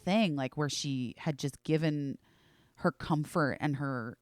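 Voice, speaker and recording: Taking it slowly in a low voice, a woman in her forties hosts a podcast and rambles through a lively, casual story heavy on "like" and swearing. The recording is studio quality with no room sound.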